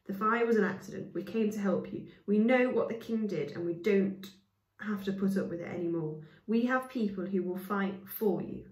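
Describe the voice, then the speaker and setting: A woman voicing an earnest young rebel man who talks fast and urgently, recorded far from the mic in an echoey room. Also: fairly high pitch, voice pushed up, natural voice.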